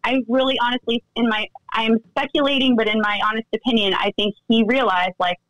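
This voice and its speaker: A woman guest on a podcast interview, recounting events in an animated way and acting out the voices of others. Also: a little high, brisk, few pauses, no echo, poor audio. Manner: animated storytelling, acts out quoted dialogue. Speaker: interview guest, friend of the deceased.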